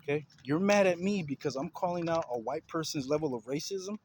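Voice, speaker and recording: A man's voice: a little high, brisk, a little mellow, a little hiss or hum, low-quality recording. A man ranting heatedly to his viewers in a video commentary, repeating himself and confronting his listeners with questions. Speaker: vlogger.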